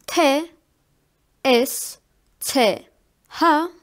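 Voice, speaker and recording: Slow, high-voiced woman teaching pronunciation. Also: lively intonation. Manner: slow and deliberate, spells out letters and repeats example words. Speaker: language teacher. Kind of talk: slow spelled-out pronunciation lesson.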